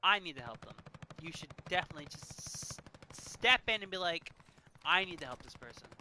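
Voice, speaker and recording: A man's voice: on the high side, animated, fairly quick, pushed and bright, slight background noise. A man in his thirties, a game streamer talking earnestly and emotionally, choked up and sighing often. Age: 30s. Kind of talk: casual chat while gaming.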